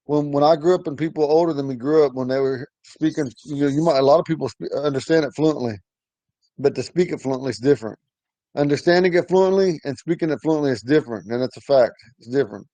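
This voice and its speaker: A middle-aged man with a slightly high voice leads a casual language class. He talks in loose, rambling stories and breaks into chuckles as he goes. The sound is dry and close. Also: quick pace, mellow, no echo, rough recording. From Ponca community, Nebraska. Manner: rambling storytelling, chuckles often. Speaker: language teacher. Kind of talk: informal language lesson.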